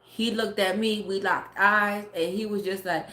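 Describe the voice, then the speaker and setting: A woman's voice: medium pitch, fairly even intonation, measured pace, few pauses, pushed and bright. A woman in her forties, a mother, telling a family story in blunt, profane, filler-heavy casual talk. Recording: roomy echo.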